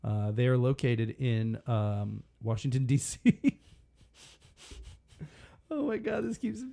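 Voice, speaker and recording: A man's voice: mid-range voice, lively intonation, normal speed, gravelly, mellow. A man co-hosting a podcast, trading crude jokes in casual chat. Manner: crude, joking banter. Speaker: podcast co-host.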